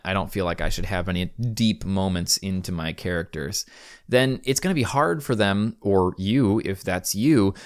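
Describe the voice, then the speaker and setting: A man with a fairly low voice, talking through a casual podcast monologue. He is chatty and upbeat, drops in casual slang, and fills gaps with ums as he gives game advice. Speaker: podcast host and game master.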